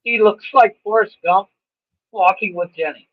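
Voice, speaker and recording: A man's voice: high voice, moderate pace. A man co-hosting a comedy podcast, trading sarcastic, agreeable banter. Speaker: podcast co-host. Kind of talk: casual comedy podcast chat. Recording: dull lo-fi mic.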